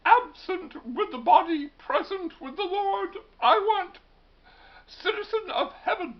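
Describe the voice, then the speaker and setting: A man imitating his devout older British mother in a strained falsetto with a British accent. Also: lively intonation, unhurried, lo-fi sound, heavily acted. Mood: pleading.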